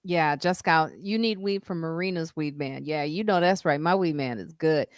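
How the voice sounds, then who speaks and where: A woman's voice: deep voice, normal speed, clear, resonant tone, no room sound, studio quality. A woman hosting a podcast in casual chat, telling stories animatedly with frequent laughs. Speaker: podcast host.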